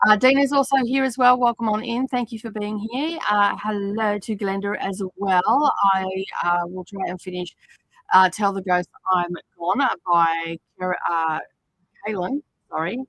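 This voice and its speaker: A woman's voice: mid-range voice, fairly even intonation, measured pace, a bit bright, dry recording, rough recording. A woman hosting a crafting livestream, chatting casually and rambling with many fillers. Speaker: livestream host. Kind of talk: casual chat while crafting. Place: home craft studio.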